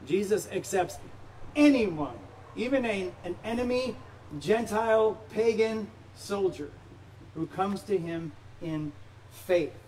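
A man's voice: high-pitched, expressive, slow pace, darkish tone. Emphatic man preaching a sermon. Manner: emphatic, with rhetorical questions. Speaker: pastor. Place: church sanctuary. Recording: distant mic with faint background noise.

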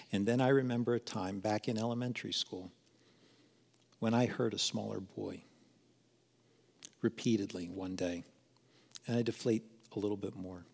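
A man's voice: on the low side, fairly even intonation, moderate pace, creaky, long pauses, a little mellow. Candid man telling stories in a reverberant hall. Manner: candid, self-deprecating storytelling with acted-out asides. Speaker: speaker at a parenting seminar. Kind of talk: sermon-style storytelling talk.

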